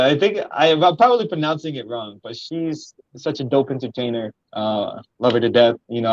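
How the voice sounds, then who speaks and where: A young man from Houston, a guest rapper chatting casually, halting and full of fillers. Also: medium pitch, no echo. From Houston, Texas. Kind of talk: casual interview chat. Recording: dry, slightly muffled audio.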